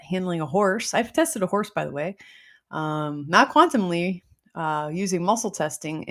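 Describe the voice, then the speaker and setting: A woman hosting a casual live stream, telling stories in an excitable, bubbly way and greeting viewers as she goes. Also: on the low side. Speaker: host teaching nutrition testing.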